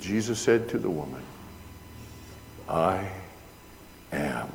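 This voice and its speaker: A man preaching a sermon and explaining Greek words, deliberate in delivery and building to loud emphatic peaks. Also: low-pitched, animated, vocal fry, slight background noise. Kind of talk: sermon with Greek word study. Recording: long hall reverb.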